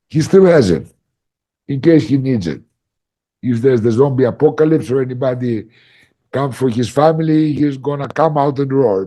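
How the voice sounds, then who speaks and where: A man facilitating ayahuasca workshops, telling a story in a casual podcast chat, animated and emphatic with lots of "like" fillers. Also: mid-range voice, slightly rough.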